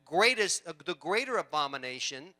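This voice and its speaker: A male pastor preaching a sermon, swinging from loud emphatic lines to quiet storytelling, with chatty asides and repeated words. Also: on the high side, big pitch swings, normal speed.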